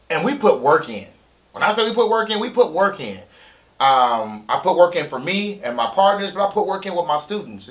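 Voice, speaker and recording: A middle-aged man pitches his real estate course on a live stream. His voice sits a touch high and rings bright and forceful. He is excitable, repeats key lines for emphasis, and sometimes breaks into loud shouting.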